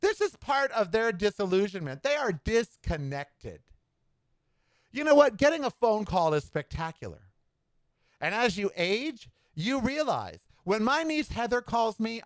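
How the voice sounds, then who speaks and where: A man's voice: high voice, sing-song, moderate pace, dry recording, soft background music. A middle-aged man hosting a solo podcast, ranting in an indignant, sarcastic way. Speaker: podcast host. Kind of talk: solo opinion rant.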